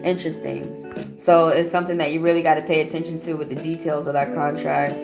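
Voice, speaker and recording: A woman reads tarot casually on a live stream, rambling through answers to viewer comments with fillers and restarts. She speaks briskly in a deep voice with vocal fry and little pitch movement. There's music behind her voice.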